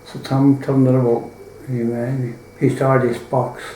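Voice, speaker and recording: A man's voice: mid-range voice, flat delivery, unhurried, mellow, echoey room, a little hiss or hum, rough recording. An Irish man telling a folk tale in a rambling, colloquial way, full of swearing. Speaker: storyteller.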